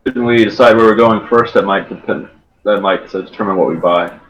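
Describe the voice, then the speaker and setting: A man's voice: fairly low pitch, moderate pace. A man playing in a tabletop game, chatting casually and reasoning out points. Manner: reasoning, mildly argumentative. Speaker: player. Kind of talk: casual chat. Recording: dull lo-fi mic with faint noise.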